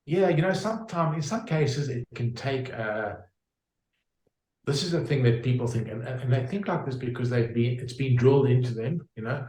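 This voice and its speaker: A man's voice: mid-range voice, normal speed, a little mellow, roomy sound, poor audio. A man explaining his homeopathic practice in an interview, using homely examples with frequent fillers and restarts. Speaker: homeopath guest.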